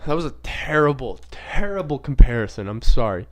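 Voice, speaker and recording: A man's voice: medium pitch, very animated, a little fast. Rambling, profane young man. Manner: rambling and profane, heavy use of filler words. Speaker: podcast host. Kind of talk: casual unscripted monologue.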